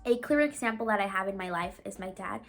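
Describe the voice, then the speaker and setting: A woman's voice: mid-range voice, quick pace. A young woman from Mexico, a Spanish speaker, giving casual advice to her vlog viewers in an earnest, chatty way full of "like" and "you know". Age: young adult. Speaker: vlogger.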